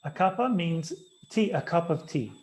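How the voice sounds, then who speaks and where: A man, slowly and patiently explaining slang words to a class. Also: fairly high pitch, expressive, a little mellow. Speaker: guest English speaker.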